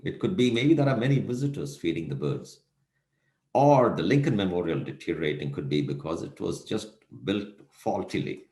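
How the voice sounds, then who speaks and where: Deep, animated male lecturer in an echoey room. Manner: storytelling with rhetorical questions. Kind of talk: recorded lecture.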